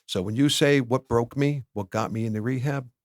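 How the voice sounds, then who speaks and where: A man's voice: mid-range voice, normal speed, no room sound, studio quality. A middle-aged man, a podcast guest, candidly telling his life story with lots of acted-out dialogue. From New Jersey. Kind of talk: personal storytelling in a podcast interview. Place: podcast studio.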